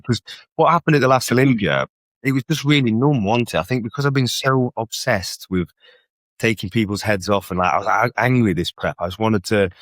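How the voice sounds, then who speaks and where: A man telling stories in a casual interview, animated, often checking in with tag questions. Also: medium pitch, no echo. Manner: animated storyteller with frequent tag questions and laughter. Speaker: guest bodybuilder.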